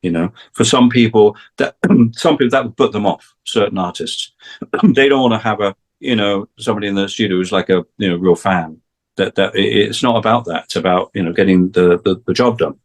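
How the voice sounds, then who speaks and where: A man from England in his sixties, a session drummer, appears as a talk show guest and tells long career stories in a lowish voice at a slightly fast pace. In this casual storytelling interview he rambles, restarts sentences often, and acts out quoted voices.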